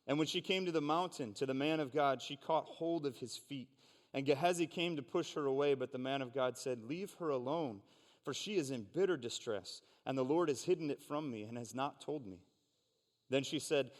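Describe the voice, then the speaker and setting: A man's voice: medium pitch, moderate pace. Man preaching in a reverberant hall. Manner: earnest, conversational preaching with asides. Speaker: pastor. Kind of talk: sermon with scripture reading. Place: church sanctuary.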